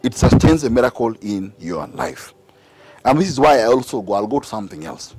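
With a Kenyan accent, a man preaches a sermon that mixes English and Swahili, drawing in the congregation through questions, repetition and animated call-and-response. His mid-range voice is slightly rough and fairly quick, with soft music playing behind him.

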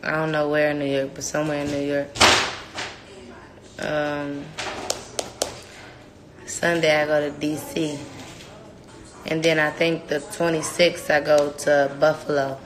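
A young mother chatting casually in a home vlog, coaxing her toddler in a sing-song voice and giving relaxed updates to the camera. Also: low-pitched, unhurried, pauses often, noisy background. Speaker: mother and vlogger.

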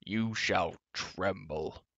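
A man's voice: low voice, extremely slow, creaky, fairly bright tone, dry recording, muffled recording, heavily acted. A man voicing an anxious, lonely male giant with a quavering voice, read from a storybook.

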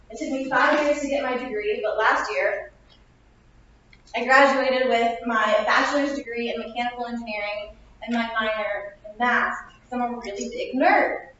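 A woman's voice: fairly high pitch, fairly even intonation, normal speed, fairly bright tone, a little hiss or hum. A woman in her twenties gives a chatty, upbeat, self-mocking motivational speech in a classroom. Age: 20s. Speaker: opening speaker. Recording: echoey lo-fi room recording from far off.

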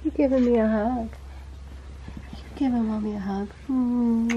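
A mother filming a family vlog at home, talking to her little ones in gentle baby talk. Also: a little high, fairly even intonation, measured pace, lo-fi sound, a little hiss or hum.

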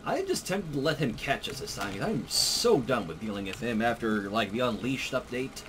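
A young man co-hosting a game playthrough, loud and teasing, swearing often. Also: mid-range voice, sing-song, normal speed, loud music behind the voice. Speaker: gaming channel co-host. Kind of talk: casual gameplay banter.

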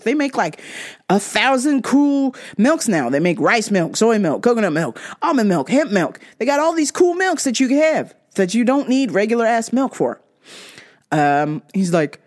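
A woman hosting a podcast in casual chat, blunt and profane, with bursts of loud laughter. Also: on the high side, animated, normal speed. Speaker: podcast host.

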